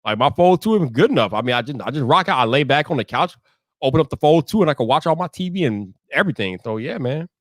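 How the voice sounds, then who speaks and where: A man hosts a live stream in casual chat, his voice higher than most and swinging widely in pitch. He repeats himself and gets loud when he rants. The sound is dry and close. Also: expressive, quick pace, dry recording.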